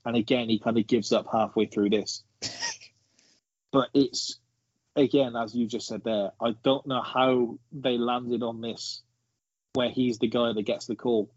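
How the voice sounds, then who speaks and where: A man's voice: medium pitch, steady tone, unhurried, a little mellow, slightly rough, no room sound, dull audio. A man casually discussing a film on a podcast, explaining his views at length.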